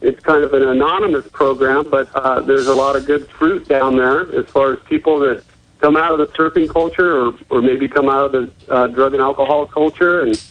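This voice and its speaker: A man calling into a radio show, speaking in a halting way with many pauses. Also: medium pitch, fairly even intonation, lo-fi sound. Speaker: caller. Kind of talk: casual phone call.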